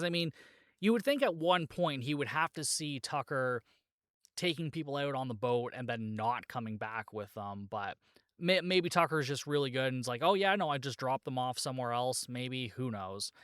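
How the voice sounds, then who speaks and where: With lively intonation, a medium-pitched and fairly bright voice, and normal speed, this man hosts a podcast recorded at studio quality without echo. He casually retells a movie plot, heavy on fillers and "like," and laughs along at his own joking asides.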